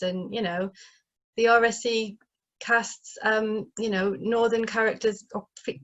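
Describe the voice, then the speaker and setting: The speaker is a woman playwright from northeast England with a matching accent, giving a chatty interview over a video call. Her voice is a little high and somewhat bright, and she fills her talk with fillers and restarts.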